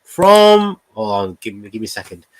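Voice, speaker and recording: A man co-hosting a casual livestream, relaxed and agreeable, muttering as he works his computer. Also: lowish voice, moderate pace, no room sound. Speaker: co-host.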